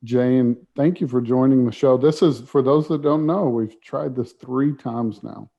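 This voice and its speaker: A man co-hosting a podcast, introducing a guest in a chatty, halting way with fillers. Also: mid-range voice, gravelly. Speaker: podcast co-host. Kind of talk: casual chat, introducing a guest. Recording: dull lo-fi audio.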